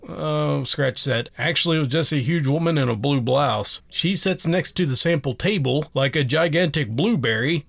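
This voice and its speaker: A man's voice: on the high side, gravelly, a bit bright, no room sound. A man narrating a scripted story in a sarcastic, exasperated manner.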